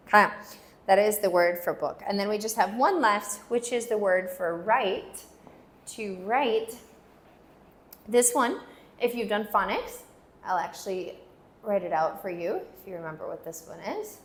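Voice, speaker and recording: A woman teaching a language lesson, patiently repeating words slowly so learners can follow. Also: mid-range voice. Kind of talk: slow pronunciation lesson.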